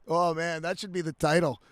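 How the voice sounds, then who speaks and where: A man's voice: high voice, no room sound. A man ranting profanely in a casual vlog, slightly intoxicated, breaking into laughs. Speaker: vlogger.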